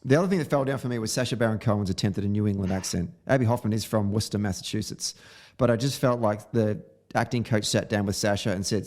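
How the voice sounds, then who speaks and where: A man's voice: on the low side, fast, darkish tone. A man hosting a podcast, giving a blunt, opinionated film review in casual chat, sometimes swearing. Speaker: podcast host.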